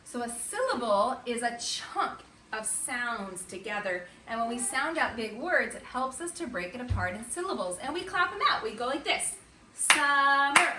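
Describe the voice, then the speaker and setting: A woman teaching kindergarten and first graders in an online morning meeting, slow and sing-song. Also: on the high side, sing-song, pushed and bright, reverberant, distant mic, a little hiss or hum. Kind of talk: remote morning meeting lesson. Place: at home or classroom on camera.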